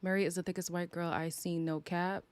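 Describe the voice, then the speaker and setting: A woman's voice: lowish voice, flat delivery, a little fast, no room sound. A young woman from Canada reviewing a reality show on a live stream in a sassy, dramatic, teasing way, often laughing. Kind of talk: casual live review chat.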